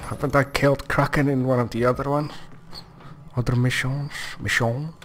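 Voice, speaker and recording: A man's voice: medium pitch, steady tone, normal speed, a bit bright, slight background noise. A man giving casual gameplay commentary, joking, swearing and thinking aloud. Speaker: gamer.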